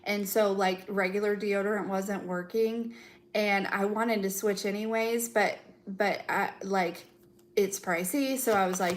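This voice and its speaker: A young woman giving a spiritual reading in a loose, chatty way, trailing off with fillers and breaking into giggles. Her pitch sits in an ordinary middle range, and she drops in the odd curse word without slowing down. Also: steady tone, a little hiss or hum. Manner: chatty, giggly, swears casually, many fillers. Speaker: tarot reader. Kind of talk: casual spiritual live chat.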